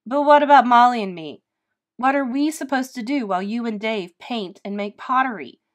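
A whiny, upset ten-year-old boy from a read-aloud storybook, voiced by a woman. The voice sits up high and gets loud and pleading, like a child protesting to his mother. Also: moderate pace, close to an everyday voice.

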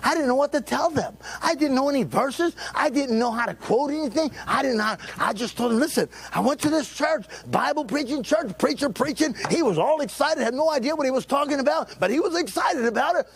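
A man, preaching a fervent sermon in a church, repeating his phrases and often shouting them. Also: very high-pitched, animated, a little fast, creaky, hardly any pauses. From Texas. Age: late 70s. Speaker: pastor. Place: church sanctuary.

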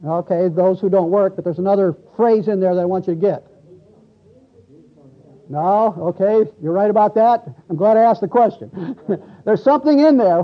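Male pastor, high-pitched, casual teaching sermon with scripture reading; muffled lo-fi church recording. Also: animated, moderate pace. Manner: conversational, asks the congregation questions, reads scripture aloud. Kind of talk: expository sermon.

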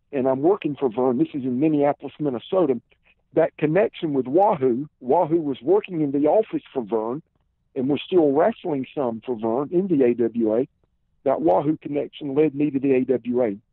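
A man in his fifties with a Southern accent, telling long stories in a relaxed way as a podcast guest, heard over a tinny phone line. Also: on the high side, breathy edge, no echo. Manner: relaxed storyteller, many "uh" and "and" fillers. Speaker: podcast guest, former pro wrestler. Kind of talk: casual storytelling interview.

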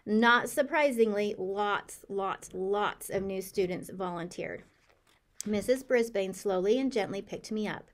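A woman reading a children's chapter book aloud in the voice of a cheerful, curious hamster narrator, with a lively, expressive delivery. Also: mid-range voice, measured pace. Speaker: audiobook reader. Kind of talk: storybook narration.

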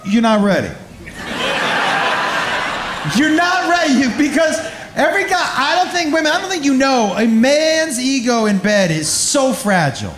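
A man's voice: very high voice, lively intonation, normal speed, hardly any pauses, roomy sound, background noise. A man telling a crude, self-mocking stand-up story on a comedy club stage.

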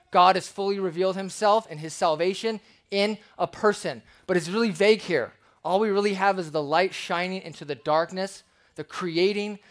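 Animated pastor with a higher voice. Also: male voice. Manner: animated, acts out quoted voices. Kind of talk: expository sermon. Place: church.

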